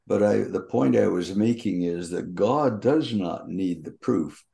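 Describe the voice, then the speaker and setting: An older man teaching from the Bible at an unhurried pace, his voice low and gravelly with a dark, mellow tone. He reads the verses aloud in a measured, deliberate way.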